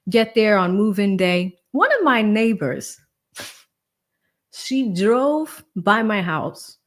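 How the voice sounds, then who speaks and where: A woman's voice: mid-range voice, slow pace. Chatty woman livestream host from Boston. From Boston, USA. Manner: chatty, animated, many fillers, reads viewer comments. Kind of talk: casual livestream chat.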